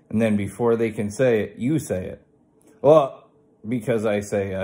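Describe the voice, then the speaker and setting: A man's voice: deep voice, normal speed, gravelly, warm tone, slightly rough. A man doing a sarcastic stand-up routine as a trucker, telling wry stories. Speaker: trucker comedian. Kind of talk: stand-up comedy how-to monologue.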